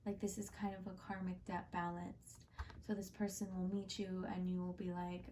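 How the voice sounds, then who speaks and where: A woman's voice: medium pitch, level tone, normal speed, dark tone, distant mic, slight background noise. A woman giving a casual, heartfelt tarot reading, chatty and full of fillers. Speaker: tarot card reader and channel host.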